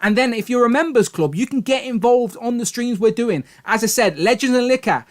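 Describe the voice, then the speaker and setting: A man's voice: very high-pitched, fairly quick. A man hosting a casual livestream, upbeat and rambling, laughing often. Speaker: livestream host.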